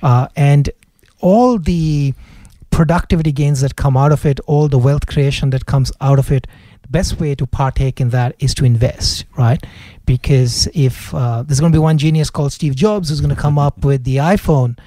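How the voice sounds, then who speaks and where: A man co-hosts a finance podcast and works through his points thoughtfully, often pausing and restarting. His voice is mellow and sits a little high. The recording is dry and close. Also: no room sound. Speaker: podcast co-host, investment analyst. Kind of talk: casual explanatory chat.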